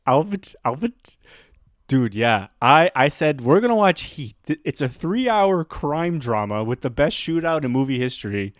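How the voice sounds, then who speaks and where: Podcast host, male, casual animated storyteller, laughs a lot, mid-pitched voice, dry close sound. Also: unhurried, no room sound. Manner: animated, laughs often, acts out quoted voices. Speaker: teacher.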